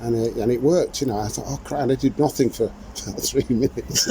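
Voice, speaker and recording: A man's voice: medium pitch, animated, normal speed, darkish tone, slight background noise, low-quality recording. An older man hosting a podcast in casual chat, telling rambling anecdotes with frequent laughs, recorded outdoors. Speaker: podcast host. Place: outdoors in the sunshine.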